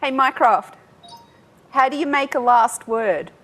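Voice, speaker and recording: A woman giving a live software demo at a tech talk, chatty and self-mocking, laughing often. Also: sits high, a little slow. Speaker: tech speaker.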